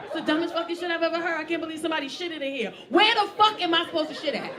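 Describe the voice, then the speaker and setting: A middle-aged woman works a comedy club stage with a brash, profane stand-up set. Her voice sits high, and she acts out the people in her stories loudly. A laughing audience rolls under her lines. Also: lively intonation, rapid-fire, a crowd in the background. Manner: brash, profane, loud storytelling with acted-out quotes.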